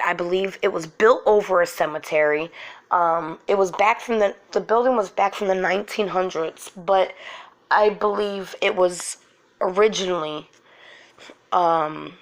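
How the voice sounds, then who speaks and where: A middle-aged woman hosting a show, telling a true frightening story from her life in an animated, emotional way full of fillers. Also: on the low side. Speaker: host. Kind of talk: personal storytelling.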